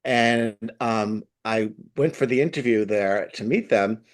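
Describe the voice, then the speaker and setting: A man from Long Island with a Long Island accent, a guest telling an animated story and acting out the voices in it. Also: on the low side, a little slow. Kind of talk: casual storytelling.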